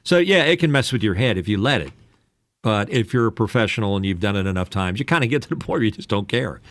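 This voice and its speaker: Podcast host guy, kinda low voice, rambles with lots of ums, dry close sound. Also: expressive, quick pace, fairly bright tone, no room sound. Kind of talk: casual advice chat.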